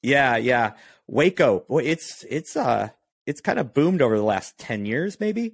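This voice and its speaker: A man's voice: medium pitch, very animated, unhurried, creaky, husky, dry recording. A man hosting a podcast interview in an upbeat, eager, casual way, laughing easily. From Oregon. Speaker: podcast host.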